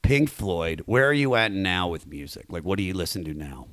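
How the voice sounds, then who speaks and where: Animated, foul-mouthed man hosting a podcast. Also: sits low, moderate pace, no room sound. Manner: profane, excitable, breaks into silly voices and sung bits. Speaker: podcast host. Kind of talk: casual podcast chat.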